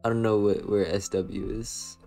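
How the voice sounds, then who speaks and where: Brief: young American guy, lowish voice, loose rambly stream chatter, faint music behind. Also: little pitch movement, moderate pace, gravelly, warm tone. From western United States. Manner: rambling, filler-heavy, playful. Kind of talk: casual chat reading stream chat.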